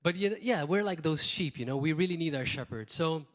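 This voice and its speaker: Man, pastor, sermon, conversational, repeats himself, slightly high voice. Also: expressive, a little fast. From Malta. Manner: conversational preaching with repeated phrases and short asides.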